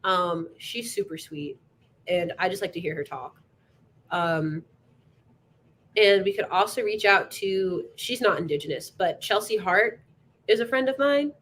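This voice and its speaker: A woman's voice: medium pitch, unhurried, fairly bright tone. A young woman in her twenties, a podcast guest chatting casually and teasing the host playfully. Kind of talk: casual chat.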